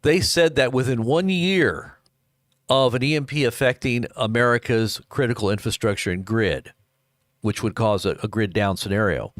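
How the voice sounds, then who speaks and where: A man's voice: medium pitch, moderate pace, no room sound, studio quality. A man from the United States hosting unscripted live news commentary, rambling with many fillers and restarts.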